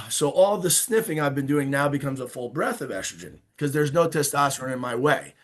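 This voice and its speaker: A man's voice: mid-range voice, expressive, fairly quick, fairly bright tone. A male doctor giving informal, emphatic expert answers as a guest in an interview. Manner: emphatic, informal, direct advice.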